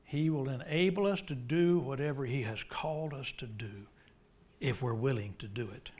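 A middle-aged man preaching a sermon as pastor, pleading loudly at times and dropping to a near whisper in prayer. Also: medium pitch, normal speed, slight background noise. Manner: impassioned preaching, swings from loud pleas to whispered prayer.

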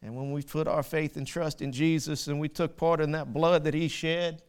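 A man preaching a sermon in a fairly high, smooth and resonant voice. He quotes scripture with rising fervor and corrects his own small slips along the way. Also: flat delivery, moderate pace.

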